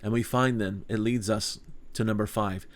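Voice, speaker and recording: A man's voice: lowish voice, fairly even intonation, normal speed. A man teaching a small group Bible study in an earnest, conversational way, asking rhetorical questions.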